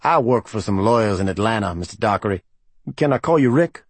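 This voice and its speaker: A narrator plays a heavyset private investigator with a deep, scratchy voice and a slight American twang. He presses politely but keeps pushing, low and husky, recorded close and dry. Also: animated, brisk, no echo. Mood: insistent. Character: barrel-chested middle-aged private investigator.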